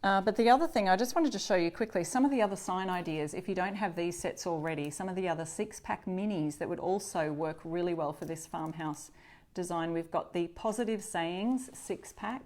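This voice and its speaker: A woman's voice: lowish voice, a little fast, darkish tone. Chatty woman hosting a live craft demo. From Australia. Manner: chatty, greets viewers, reads comments. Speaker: upcycling channel host.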